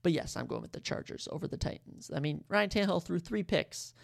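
A podcast host giving sports picks in casual chat, excitable and rambling, often correcting themselves. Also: mid-range voice, brisk, creaky. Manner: excitable, fired-up fan talk; rambling, self-correcting asides.

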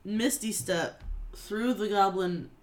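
Playful woman player. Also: mid-range voice. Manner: quick, chatty, playful. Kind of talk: playing a tabletop game.

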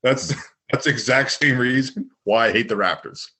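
A man's voice: mid-range voice, moderate pace, sharp tone. Blunt Canadian man talking sports. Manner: blunt opinions, frequent "like". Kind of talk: casual sports chat.

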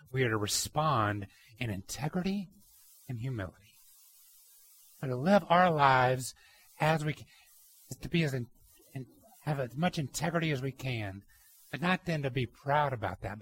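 A young adult man preaching a sermon, telling anecdotes with lively mimicry and shifting emphasis. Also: medium pitch, husky. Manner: animated storytelling, mimics people in anecdotes. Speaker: pastor.

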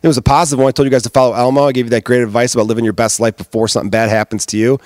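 A man's voice: medium pitch, level tone, rapid-fire, darkish tone, dry recording, studio quality. A man hosting his own podcast as a comedian, ranting casually and heatedly with plenty of swearing. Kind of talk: casual solo podcast rant.

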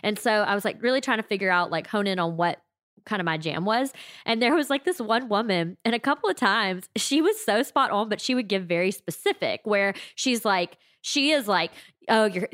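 A woman's voice: medium pitch, expressive, brisk, fairly bright tone, dry recording, studio quality. A woman with a Southern US accent chatting casually as a podcast co-host, rambling and full of "like" fillers. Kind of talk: casual chat.

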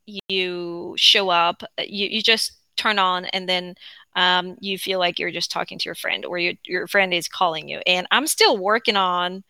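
A woman's voice: fairly low pitch, steady tone, a little slow, sharp tone, smooth, no echo. A young woman with a Korean accent hosting her own podcast from home, chatting without a script, rambling with lots of fillers and restarts. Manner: rambling, chatty, frequent fillers and self-corrections. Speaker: podcast host. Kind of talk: unscripted casual monologue. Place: at home with her dog beside her.

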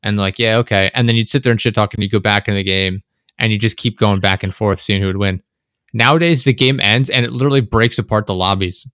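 Rambling young man, low dry voice. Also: fast talker, no room sound. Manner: animated, swearing, rambling with many fillers. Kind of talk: casual chat. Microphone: close desk microphone.

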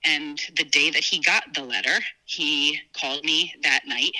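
A woman from New Jersey, a podcast guest telling her own story in a casual, animated way and acting out quoted voices. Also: a little slow, poor audio. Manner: animated, acts out quoted dialogue with big pitch jumps.

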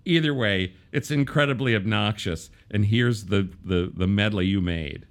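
A man's voice: fairly low pitch, normal speed. A man hosting a casual political talk show, wry and conversational, often restarting his sentences. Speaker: podcast host.

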